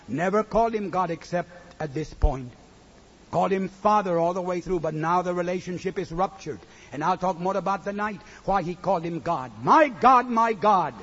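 A man preaching a sermon in church, with a slow, rhythmic delivery that swings from hushed tones to loud cries. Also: a little high. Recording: muffled recording with faint noise.

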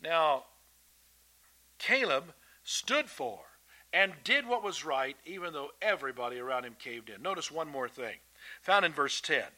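A man's voice: a little high, expressive, a little slow, sharp tone, low-quality recording. A man preaching a sermon to kids and grown-ups, talking in a folksy, emphatic way and restarting his words often. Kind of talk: sermon to children and adults.

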